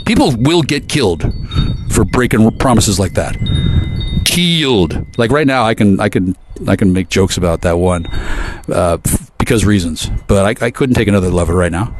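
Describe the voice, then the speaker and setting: Man, lowish voice, rambling swear-filled rant to camera, stumbles over his words. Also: fairly quick, background noise. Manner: profane, aggressive, stammering restarts.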